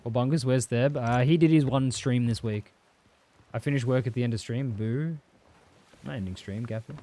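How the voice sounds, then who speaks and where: Man, young adult, Australian accent, medium pitch, casual gaming-stream chat, rambling, profane. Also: normal speed, dark tone, a little hiss or hum. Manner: rambling, swears freely, answers chat. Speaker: livestreamer.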